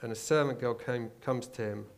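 A man from England delivers a sermon in a plain, conversational style, his gravelly voice at a typical middle pitch for a man and moving at a moderate pace. As he retells the story, he frequently restarts phrases and presses his listeners with rhetorical questions.

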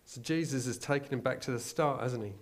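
A male preacher delivering a sermon, moving from quiet storytelling to loud, urgent exhortation. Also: medium pitch, brisk.

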